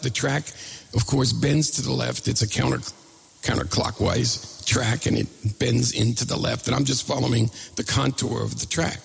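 A middle-aged man telling a comic story in an animated, self-mocking way. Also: mid-range voice, normal speed. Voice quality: gravelly. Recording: long reverb hall.

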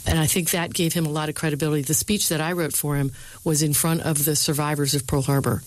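A middle-aged woman, a speechwriter and lecturer, answering interview questions with lively storytelling and quoting others in changed voices. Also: sits low, fast talker, rough recording. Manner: animated storyteller, voices quoted people.

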